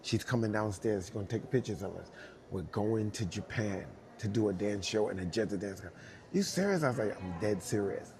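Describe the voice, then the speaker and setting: A middle-aged man, a dancer telling a lively story and acting out the voices of the people in it. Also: lowish voice, brisk. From Brooklyn, New York. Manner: acts out both sides of dialogue, laughing often. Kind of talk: animated storytelling.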